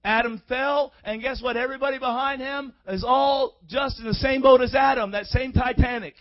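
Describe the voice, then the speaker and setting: A male preacher with a very high voice delivers a rousing sermon, dropping low, then rising to shouts and calling out to the congregation. The recording is dull and lo-fi. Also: steady tone, moderate pace. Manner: call-and-response preaching, swings from quiet to shouting.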